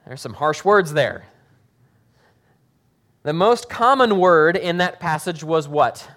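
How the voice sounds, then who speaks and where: Man preaching with sudden shouted woes. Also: fairly high pitch, expressive, takes it slowly, long pauses. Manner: dramatic scripture reading with shouted emphasis, then casual joking explanation. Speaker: pastor. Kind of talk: sermon.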